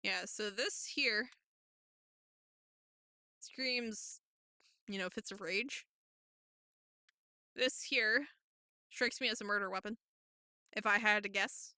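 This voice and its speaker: A woman's voice: mid-range voice, slow pace, long pauses, pushed and bright, no echo, clean studio sound. A woman streamer giving casual, chatty game commentary with giggly asides.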